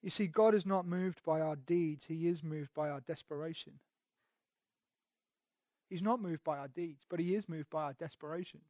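High-voiced man preaching with dry sound. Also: normal speed, dry recording. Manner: preaching with dramatic swings between loud emphasis and hushed intimacy; repeats words and restarts phrases. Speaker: pastor. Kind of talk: sermon.

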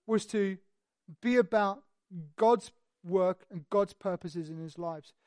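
A preacher works through a passage in an easy, conversational way, asking rhetorical questions and telling the story with animation. The voice sits at a middle pitch. The room is dry and close. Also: no room sound. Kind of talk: expository sermon.

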